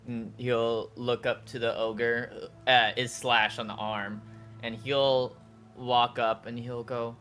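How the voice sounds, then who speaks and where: A man's voice: mid-range voice, level tone, slow, a bit bright, soft background music. A man playing in a tabletop game, chatting casually and correcting himself as he goes. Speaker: player.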